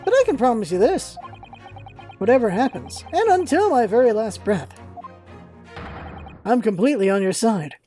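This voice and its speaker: A woman's voice: fairly high pitch, sing-song, moderate pace, pauses often, mellow, faint music behind. A woman voicing an earnest, determined young male law student who speaks in a reassuring way.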